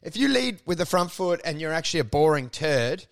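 A man co-hosting a podcast in casual comedic chat, animated and swearing, slipping into put-on voices. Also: fairly high pitch, a little fast, no echo. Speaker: podcast co-host.

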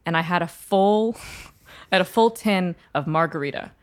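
Woman, casual storyteller, blunt and profane, quick to laugh. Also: on the low side. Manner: candid, profane, laughs often.

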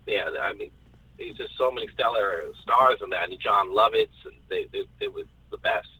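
A man's voice: on the low side, wildly swooping pitch, moderate pace, pushed and bright, husky, dry recording, low-quality recording. A man in a casual podcast chat, enthusiastic and often repeating words while he searches for what to say.

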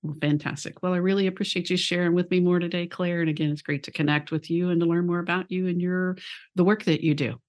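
A woman's voice: fairly low pitch, fairly even intonation, fast, a little mellow. A woman hosting a podcast interview, polite and gracious as she wraps up. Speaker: podcast host. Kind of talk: interview wrap-up.

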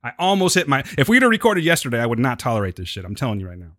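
A man's voice: medium pitch, wildly swooping pitch, racing, a bit bright. A man co-hosting a podcast, chatting casually and teasing his co-host with frequent laughs. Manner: playful, teasing, laughs often.

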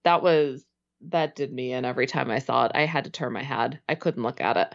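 A young woman co-hosting a casual movie podcast, giggly and animated as she retells scenes. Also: very deep voice, a little fast, gravelly, muffled recording. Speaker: podcast co-host.

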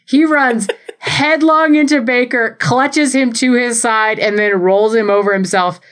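A woman co-hosting a podcast, recapping a wrestling show in animated, playful casual chat. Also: on the high side, measured pace. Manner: animated, giggly, playful storytelling. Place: home.

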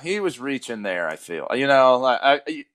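A man's voice: medium pitch, sing-song, normal speed, fairly bright tone, dry recording. Joking, sarcastic man on a podcast. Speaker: podcast co-host, former player. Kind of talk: casual sports podcast chat.

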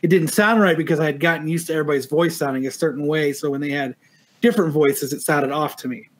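A man's voice: fairly high pitch, fast talker. A man chatting casually and jokingly, with fillers and some swearing. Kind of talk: casual chat.

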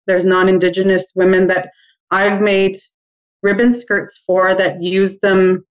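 A middle-aged woman from Canada answering interview questions about making ribbon skirts, in a calm, measured, thoughtful way. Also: on the low side, rough recording.

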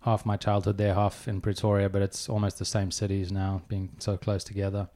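A man from South Africa, a professional golfer, answering interview questions in a quiet sauna. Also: on the low side, completely flat delivery, a little fast. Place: sauna in a locker room.

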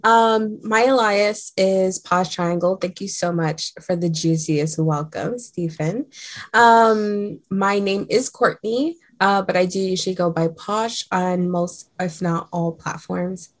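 A bubbly woman, speaking as a podcast guest. She talks casually and warmly, dotting her sentences with ums. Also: medium pitch, slow. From Queens, New York. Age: 20s. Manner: bubbly, many filler ums.

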